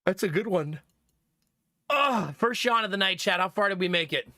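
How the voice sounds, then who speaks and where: A man chatting casually to his live-stream viewers while gaming, talkative and quick to laugh. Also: high-pitched, animated, pushed and bright, no room sound, clean studio sound. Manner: chatty, laughs often, talks to chat. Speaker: game streamer.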